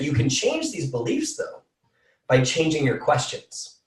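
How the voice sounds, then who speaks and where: Energetic male motivational coach, higher voice, echoey and slightly distant. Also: unhurried. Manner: energetic, repeats phrases for emphasis. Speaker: team call speaker.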